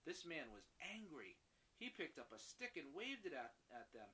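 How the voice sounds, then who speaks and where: A father reading a picture book aloud to his young daughter, animated and stopping to explain words. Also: a little high, normal speed, a little hiss or hum, rough recording.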